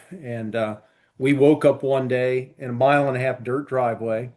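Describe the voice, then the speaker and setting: A man's voice: medium pitch, steady tone, moderate pace, darkish tone. A man co-hosting a podcast, telling long rambling stories in casual chat with many fillers. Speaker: podcast co-host.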